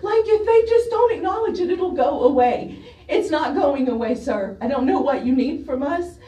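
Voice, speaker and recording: A woman's voice: sits high, animated, normal speed, mellow. A woman pleading in tears during public comment at a council meeting, her voice shaking as she speaks. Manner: pleading, breaking with emotion. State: crying, voice shaking. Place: council chamber. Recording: echoey chamber, distant mic.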